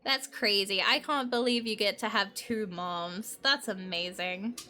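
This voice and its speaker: A woman's voice: medium pitch, unhurried, pushed and bright, soft background music. A young woman streaming a game, gushing and rambling with many filler words as she comments and reads aloud.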